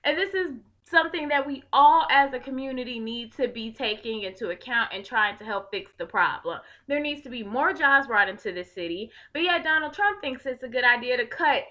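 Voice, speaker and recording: A woman's voice: high-pitched, lively intonation, brisk, few pauses, pushed and bright. A young woman from Chicago giving an impassioned, blunt political rant to the camera and swearing freely. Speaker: video blogger.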